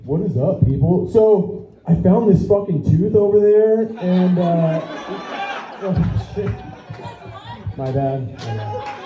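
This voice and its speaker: A man's voice: high voice, takes it slowly, over music, crowd noise. A young man doing a stand-up set, rambling, swearing often and laughing at his own jokes. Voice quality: profane, rambling, self-amused. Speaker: stand-up comic. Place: small comedy venue. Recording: echoey lo-fi club recording.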